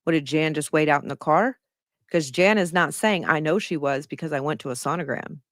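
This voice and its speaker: A woman's voice: low-pitched, brisk, fairly bright tone, no echo, clean studio sound. A middle-aged woman giving casual commentary on a news article she reads aloud, blunt and sarcastic and swearing freely.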